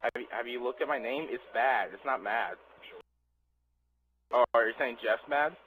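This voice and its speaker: A young man in casual online party chat with friends, loud, mocking and teasing. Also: medium pitch, normal speed, a little hiss or hum, rough recording. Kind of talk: casual argumentative banter.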